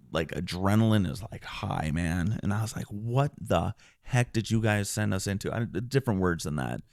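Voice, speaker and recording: A veteran man tells his story on a podcast in a low, gravelly voice. He speaks earnestly, clears his throat often and restarts his sentences. The recording is dry and close. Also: a little mellow, dry recording. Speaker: military veteran guest.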